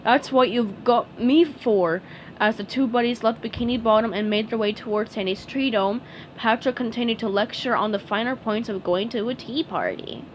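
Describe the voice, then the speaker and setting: A woman reading a storybook aloud, slow and measured. Her voice sits a little high, and a faint background hiss runs underneath. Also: steady tone, poor audio. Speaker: narrator.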